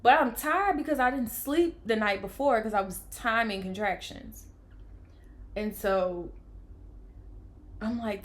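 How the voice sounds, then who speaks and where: Young woman telling a story, voice swinging loud to hushed. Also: fairly high pitch, measured pace, long pauses. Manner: animated, acts out quoted lines, swings from loud to hushed. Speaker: vlogger telling her birth story. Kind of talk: casual storytelling.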